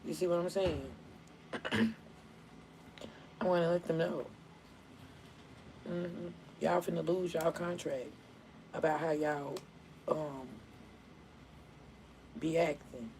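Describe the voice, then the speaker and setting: A woman hosting a casual live stream, telling stories in an animated way and laughing often. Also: low voice, slow pace, pauses often, a little hiss or hum, rough recording.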